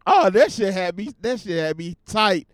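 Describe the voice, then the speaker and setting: A young adult man hosting a podcast alone, talking casually in a slangy, profane way and getting loud and fired up as he rants. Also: high voice, sing-song, normal speed, dry recording, studio quality. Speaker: podcast host. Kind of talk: casual solo podcast rant.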